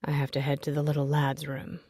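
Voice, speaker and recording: A woman voicing a composed young prince who speaks low, stern and clipped. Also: completely flat delivery, fairly quick, mellow, no room sound, studio quality. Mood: reserved.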